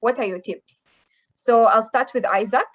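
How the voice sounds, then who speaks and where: A woman's voice: a little high, normal speed. A woman moderating an online panel discussion, effusive and full of fillers. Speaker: webinar moderator. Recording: slightly dull lo-fi audio.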